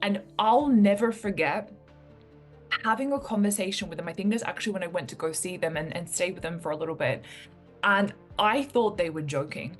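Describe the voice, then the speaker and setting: Young New woman, mentor type, low-set earnest voice, faint music underneath. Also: fairly quick. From New Zealand. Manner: earnest, animated when quoting others. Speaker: mentor and entrepreneur. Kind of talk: reflective personal story to camera.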